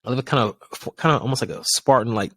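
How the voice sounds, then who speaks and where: A man's voice: medium pitch, fast, fairly bright tone, dry recording. A man in his thirties tells a long story on a podcast, circling back on himself and packing every sentence with fillers. He is recorded close and dry, with no room sound around him. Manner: rambling, filler-heavy storytelling. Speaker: podcast co-host. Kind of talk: casual chat.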